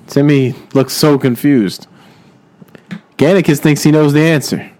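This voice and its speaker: A man's voice: fairly high pitch, steady tone, measured pace, mellow, rough recording. A young man improvising a rambling, profane comedy story and laughing along as he tells it.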